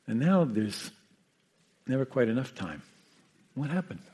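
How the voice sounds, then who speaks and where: A man, a meditation teacher who sat with the dying, gives an unhurried, reflective talk, often checking in with his listeners. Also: mid-range voice, big pitch swings, slightly rough. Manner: gentle, unhurried, often asks "Yeah?" and "you know". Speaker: meditation teacher and hospice caregiver.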